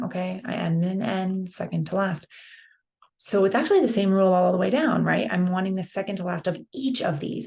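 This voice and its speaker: A woman's voice: medium pitch, creaky, a little mellow. A young adult woman teaching a beginner Spanish lesson, chatty and encouraging, talking through each step aloud. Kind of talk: online language lesson.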